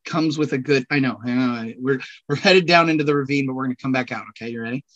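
A man with a Californian accent, talking casually as a podcast guest in an animated, rambling way with loud bursts. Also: mid-range voice, quick pace, lo-fi sound. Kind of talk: casual conversation.

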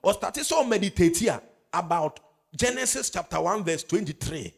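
A man's voice: sits high, lively intonation, normal speed, vocal fry, slightly rough. A man preaching a sermon, emphatic, with call-and-response questions. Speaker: pastor.

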